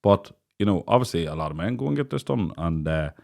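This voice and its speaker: A podcast host in his late thirties with a Northern Irish accent talks quickly in a low voice with vocal fry. In casual chat he tells crude stories and jokes, lively and laughing a lot.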